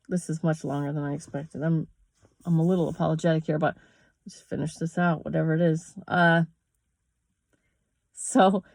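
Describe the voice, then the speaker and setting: This yoga teacher and vlogger, a middle-aged woman, recounts something personal with raw emotion, letting swears and laughter slip between lines. Her voice is lowish with a darkish tone, recorded at studio quality without echo.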